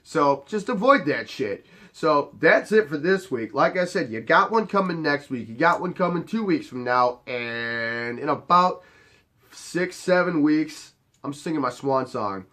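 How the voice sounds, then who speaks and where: A man's voice: fairly high pitch, expressive, a little slow, fairly bright tone. A man who works as a bar bouncer and head of security, telling a story to camera in a casual, swaggering way with plenty of swearing. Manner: cocky, profane and swaggering.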